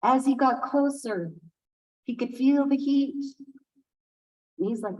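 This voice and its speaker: A woman tells a traditional tale in an unhurried, expressive way, pausing for asides to her listeners. Her voice sits a little high. She is picked up from a distance off the microphone. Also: dull audio. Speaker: storyteller speaking at a conference. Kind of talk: oral storytelling of a folk tale.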